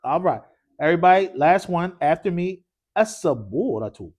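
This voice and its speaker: A man's voice: on the high side, animated, a little fast, darkish tone. A man teaching an Arabic class in a mosque classroom, leading call-and-response drills and quizzing students with casual, encouraging prompts.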